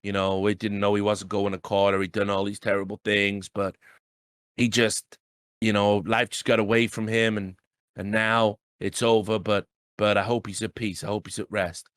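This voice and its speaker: A man's voice: on the low side, little pitch movement, normal speed, a bit bright, clear, resonant tone, no room sound, studio quality, voice pushed down, natural voice. A man putting on the voice of a mournful uncle rambling through a eulogy in a retold TV scene. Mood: solemn.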